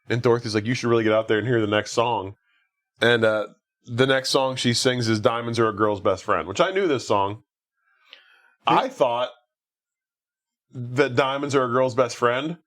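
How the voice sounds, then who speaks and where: A man's voice: mid-range voice, a bit bright. A man hosting a podcast, casually retelling a film's plot with lots of fillers and quoted lines. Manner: rambling recap with acted-out quotes and laughs. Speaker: podcast host. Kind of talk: casual movie recap chat.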